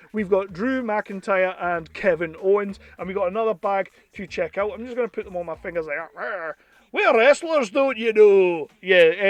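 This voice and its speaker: An English man chatting casually and excitedly as he unboxes and reviews toys. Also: high-pitched, no echo. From England. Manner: chatty and enthusiastic, with bursts of excitement. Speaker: toy reviewer.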